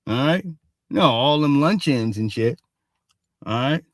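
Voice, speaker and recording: A man's voice: medium pitch, animated, measured pace, fairly bright tone, no echo, clean studio sound. A man hosting a casual news commentary stream, blunt and profane, punctuating nearly every sentence with "all right.". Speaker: show host.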